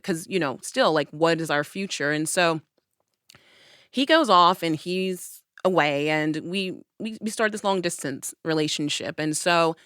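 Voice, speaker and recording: Animated lower-voiced woman telling a story. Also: measured pace, clean tone, dry recording, studio quality. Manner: animated storyteller who acts out her own past lines. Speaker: podcast host. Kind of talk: casual chat, personal storytelling. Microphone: studio podcast mic.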